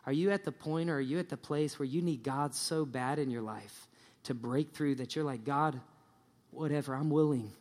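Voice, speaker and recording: A pastor preaching a sermon, telling a story in a lively way and acting out the people in it. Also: male voice, mid-range voice, normal speed. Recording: long church-hall reverb.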